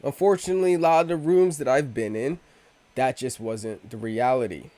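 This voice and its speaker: A man with a medium-pitched, mellow, steady voice hosts a casual crypto video at a moderate pace, recorded dry. He rambles and swears, often breaking off mid-thought with slang in vlog-style talk.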